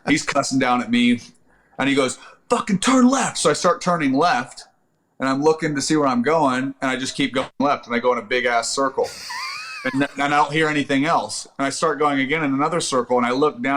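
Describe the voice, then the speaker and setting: A middle-aged man spins an Army story on a podcast. His voice sits in an ordinary middle register. He swears freely and jumps into loud, shouted impressions of the people in the story. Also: medium pitch, a little hiss or hum. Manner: animated, profane, acts out yelling quotes. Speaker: podcast guest, Army veteran. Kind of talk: casual storytelling.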